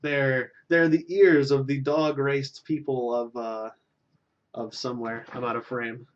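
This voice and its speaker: A young man hosts a home-made comedy show, rambling through a deadpan monologue full of fillers and asides. The recording is dull and lo-fi, with the mic placed well away from him. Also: mid-range voice, a little slow. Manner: rambling, mock-serious, with many fillers. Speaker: host. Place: home room with a green screen. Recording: dull lo-fi sound from a distant mic.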